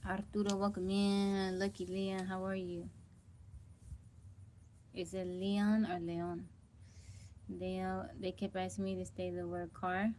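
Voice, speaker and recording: A woman's voice: mid-range voice, level tone, a little slow, pauses often, mellow, slight background noise. A middle-aged woman hosting a casual livestream, chatting to viewers by name while sounding tired and weak, on a phone mic at home. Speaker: livestream host.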